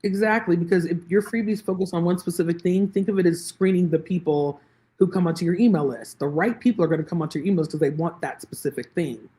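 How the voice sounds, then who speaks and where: A woman guest on a video call interview, telling lively stories and acting out the conversations she quotes. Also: on the low side, fast. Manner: animated storyteller, acts out quoted exchanges. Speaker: guest, lead generation specialist.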